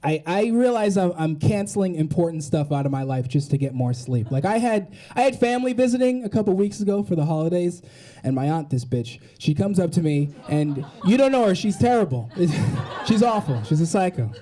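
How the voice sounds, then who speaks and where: A young man doing a stand-up set on a club stage, telling animated stories and slipping into other people's voices. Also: high-pitched, fairly quick. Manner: animated storytelling with put-on voices. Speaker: stand-up comedian.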